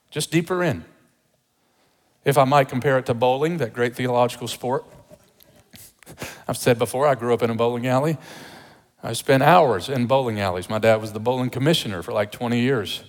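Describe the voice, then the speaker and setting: A pastor preaching a sermon with emphasis, repeating rhetorical questions to the congregation. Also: male voice, medium pitch, big-room sound.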